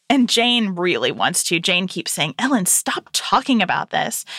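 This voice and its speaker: A woman in her thirties, a podcast co-host, telling a family story in casual chat and lively quoting her child. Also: medium pitch, no echo, studio quality.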